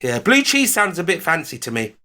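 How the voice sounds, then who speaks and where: A man co-hosting a radio show, joking and teasing with a drawn-out mock-grand delivery. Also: on the high side, huge pitch swings, sharp tone. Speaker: radio co-host. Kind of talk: casual radio banter.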